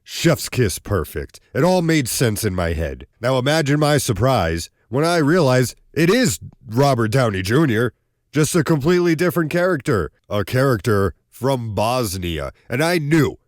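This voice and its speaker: A man hosting his own video, giving casual, animated commentary on a movie trailer and talking straight to his viewers. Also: medium pitch, normal speed, no room sound, studio quality. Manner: animated, ranting, addresses viewers as folks. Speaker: video host.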